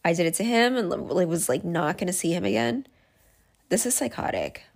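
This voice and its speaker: A woman's voice: fairly low pitch, lively intonation, moderate pace, gravelly. A woman hosting a solo podcast, talking frankly and mocking herself as she thinks things through aloud. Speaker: podcast host. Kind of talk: candid solo podcast monologue.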